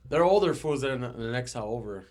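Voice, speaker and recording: Man, casual podcast storytelling, slangy, profane, says fool a lot, mid pitch. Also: lively intonation, moderate pace, darkish tone.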